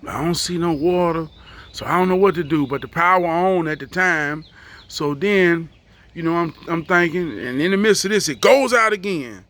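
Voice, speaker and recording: A man's voice: on the high side, moderate pace, a bit bright. A man telling a casual, profane story, acting out what people said. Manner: loose, profane, acts out quoted voices.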